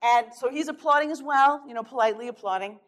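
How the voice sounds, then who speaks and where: Woman presenter, a touch high-pitched, spins an anecdote in a lively way to illustrate her talk. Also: quick pace. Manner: lively anecdotal storytelling with chuckles. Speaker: workshop speaker. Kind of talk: storytelling lecture.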